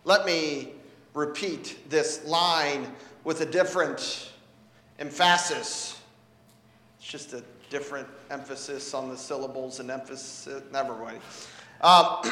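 A man's voice: on the high side, slow, fairly bright tone. A man preaching a sermon in a conversational way, asking rhetorical questions and shifting his emphasis, in a church sanctuary. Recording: echoey hall with long reverb.

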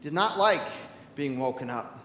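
Animated male pastor preaching. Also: fairly high pitch, measured pace, reverberant, long reverb tail, a little hiss or hum, poor audio. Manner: animated storytelling, swings from loud to hushed. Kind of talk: sermon.

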